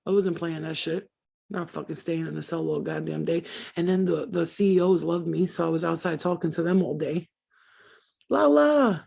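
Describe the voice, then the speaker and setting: Middle-aged woman, husky gravelly voice, profane laughing livestream storyteller. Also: fairly low pitch, moderate pace, a little mellow. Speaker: livestream host.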